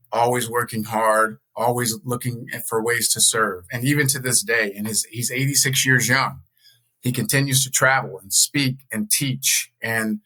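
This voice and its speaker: A man guesting on an interview show as a speaker and coach, telling personal stories in a casual, animated way. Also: poor audio. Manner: animated storyteller, jumps higher when quoting others.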